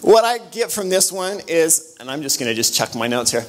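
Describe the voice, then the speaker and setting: A middle-aged man, giving an animated motivational conference talk full of stories and quick restarts. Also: fairly high pitch. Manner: storytelling, animated, with frequent restarts. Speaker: conference speaker. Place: conference room.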